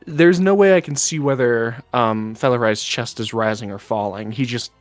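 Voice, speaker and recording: A man's voice: mid-range voice, normal speed, no room sound, faint music behind. A man playing a tabletop game, thinking aloud about his moves with many fillers. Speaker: player.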